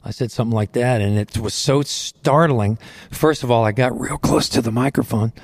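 A middle-aged Christian singer earnestly tells his testimony in a conversational way, often saying "you know." His mid-range voice is gravelly at a moderate pace, recorded on a close microphone in a studio with no echo.

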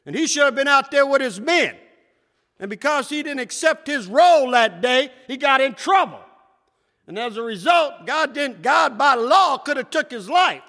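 A man preaching a sermon, shouting at times and swinging between loud and soft. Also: lively intonation, normal speed. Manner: preaching with shouts and wide swings in pitch and loudness. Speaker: pastor. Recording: echoey hall.

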